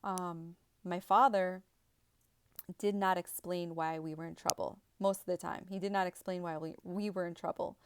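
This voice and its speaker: Low-voiced woman telling a family story. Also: steady tone, a little hiss or hum. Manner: halting, repeats herself, many fillers. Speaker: spiritual vlogger. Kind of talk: personal storytelling.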